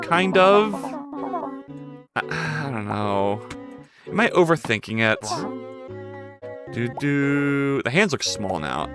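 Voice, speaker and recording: A live streamer chatting casually while working, rambling in self-talk and breaking into sudden loud outbursts and swearing. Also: mid-range voice.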